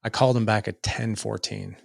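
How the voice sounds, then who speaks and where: Very animated and a little fast, this middle-aged podcast guest speaks in a fairly low voice with vocal fry. He recounts his story casually and sincerely, peppering it with "like," on a dry studio-quality recording.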